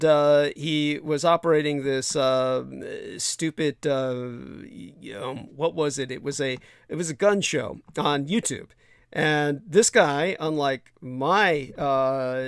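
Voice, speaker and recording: A man's voice: a little high, no room sound, clean studio sound. A man hosting a livestream talk show, rambling and emphatic, swearing freely as he tells a story. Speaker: show host.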